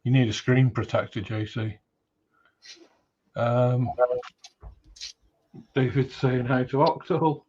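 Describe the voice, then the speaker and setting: A man's voice: mid-range voice, slow, pauses often, darkish tone, a little hiss or hum. A man co-hosting a livestream, teasing his friend and reading out viewers' chat messages. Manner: reads chat messages aloud, teasing, laughs easily. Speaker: co-host reading out live chat. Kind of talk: casual chat. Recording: dull lo-fi stream audio.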